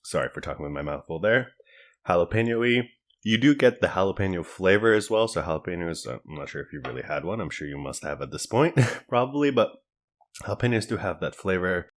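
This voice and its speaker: A man casually reviewing snack food to camera, chatting and thinking aloud as he cooks and tastes. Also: deep voice. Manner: relaxed, chatty, thinks aloud while cooking and tasting.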